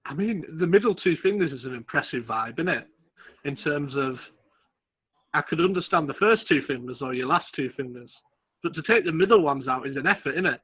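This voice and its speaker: Brief: male co-host, wry and teasing, husky, phone-quality line. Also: fairly high pitch, expressive, a little fast. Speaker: podcast co-host. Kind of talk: casual chat.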